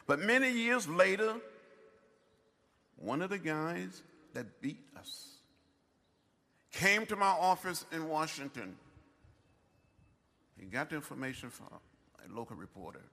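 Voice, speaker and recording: A man's voice: fairly high pitch, pushed and bright. A man in his seventies giving a commencement speech, with a rhythmic orator's cadence and emphatic repetition. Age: 70s. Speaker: commencement speaker. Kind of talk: ceremonial speech. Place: university ceremony venue. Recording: echoey large hall.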